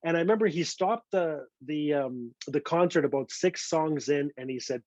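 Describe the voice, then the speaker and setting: A man's voice: on the high side, normal speed, few pauses, darkish tone, dry recording. A man telling a personal story at a literary talk, earnest and prone to repeating words as he restarts. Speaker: author speaking at a literary event. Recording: dull, slightly lo-fi dry sound.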